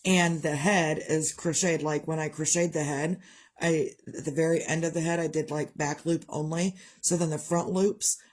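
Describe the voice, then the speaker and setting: A woman's voice: deep voice, a little mellow. A middle-aged woman chatting candidly to her viewers, rambling and open about her grief. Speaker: vlogger. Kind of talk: casual chat.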